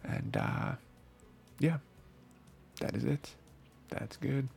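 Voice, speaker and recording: A man's voice: mid-range voice, animated, extremely slow, a little mellow, soft background music. A man hosting an anime podcast, recapping episodes in a rambling casual chat with many fillers and restarts. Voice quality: gravelly, husky.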